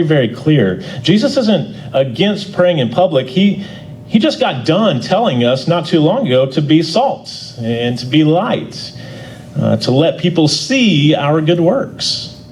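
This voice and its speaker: A man leads a church Bible class in a folksy, conversational style, his voice slightly high. He frequently restarts and repeats words, getting louder on key points. The recording is rough, with a little hiss or hum.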